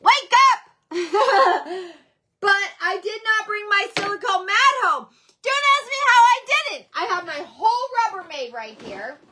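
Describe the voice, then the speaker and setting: Bright-voiced chatty woman crafter. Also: high-pitched, a little hiss or hum. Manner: chatty, self-scolding, greets viewers by name. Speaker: craft livestream host. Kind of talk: casual livestream crafting chat.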